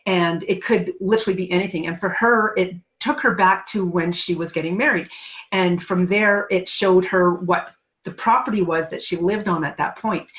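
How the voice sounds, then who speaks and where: A woman with a fairly low voice talks as an interview guest over a dull, lo-fi recording. She rambles, piling up fillers and restarting her sentences as she goes. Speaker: guest, energy healer. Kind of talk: casual interview talk. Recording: dull lo-fi sound.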